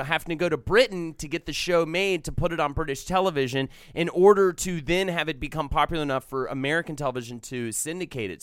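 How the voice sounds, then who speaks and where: Smooth-voiced man chatting on a podcast. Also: on the high side, a bit bright, no room sound, studio quality. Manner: enthusiastic, restarts often with ums. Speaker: podcast co-host. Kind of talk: casual podcast chat.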